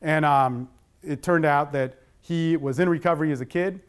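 A man's voice: a little high, normal speed, smooth. A middle-aged man giving a talk on addiction with slides, speaking bluntly and conversationally with plenty of swearing.

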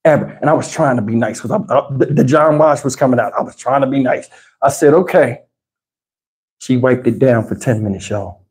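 A man hosts a livestream on a lapel mic, telling a story in a loose, animated way. His talk is salty and full of laughs. His pitch sits in an ordinary middle range. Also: fairly quick. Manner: animated, profane, laughs often. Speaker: livestream host. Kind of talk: casual storytelling. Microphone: wireless lapel mic.

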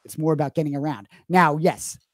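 A man's voice: a little high, steady tone, fairly quick, no echo, faint music behind. A man explaining drumming as a teacher in a live online Q&A lesson, talking emphatically with frequent restarts. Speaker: drum teacher.

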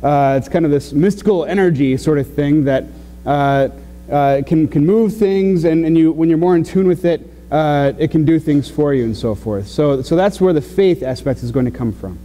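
A fairly high-voiced man preaching in a warm, mellow tone, talking loosely and stumbling over his words with plenty of "uh"s. His voice rings out in a church sanctuary with a long reverb tail. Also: a little hiss or hum. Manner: conversational, halting with many fillers and restarts. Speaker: pastor. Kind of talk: sermon.

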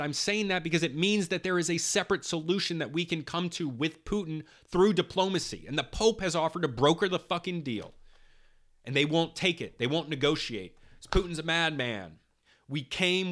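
Fired-up man ranting, bright edgy voice. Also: medium pitch. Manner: heated, swearing often, repeating himself for emphasis. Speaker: podcast host. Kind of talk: impassioned political monologue.

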